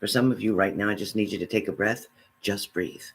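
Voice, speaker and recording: A man's voice: on the low side, a little fast, vocal fry, slightly rough. A man giving a spiritual reading, speaking earnestly and straight to the listener, repeating his phrases. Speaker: spiritual reader.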